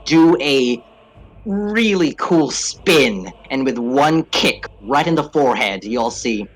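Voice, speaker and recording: Slow casual game master narrating. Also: male voice, mid-range voice, lively intonation, poor audio. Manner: casual, drawn-out, many fillers.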